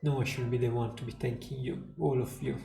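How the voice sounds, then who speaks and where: A man's voice: medium pitch, flat delivery, brisk, creaky, dark tone, lightly acted. A man voicing a dying little girl who pleads tearfully with her family. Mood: tender. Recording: roomy echo, faint music.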